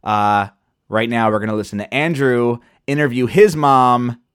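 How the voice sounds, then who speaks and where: A man's voice: medium pitch, moderate pace, clear, resonant tone, no room sound, studio quality. A man hosting a podcast in a casual, chatty way, sipping wine as he talks. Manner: animated, chatty, loose and profane. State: sipping wine while talking. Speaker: podcast host. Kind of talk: casual chat.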